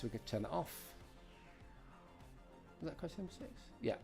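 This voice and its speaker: A man's voice: on the high side, expressive, moderate pace, gravelly, darkish tone, husky, soft background music. A middle-aged man hosting a live-streamed retro quiz, chatting and greeting viewers by name as he reads out questions. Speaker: host.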